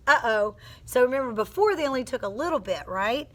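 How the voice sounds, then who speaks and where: A woman's voice: a little high, normal speed, few pauses. A woman teacher reading a picture book aloud to young children and coaching them through sounding out words. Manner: expressive storytelling with phonics coaching.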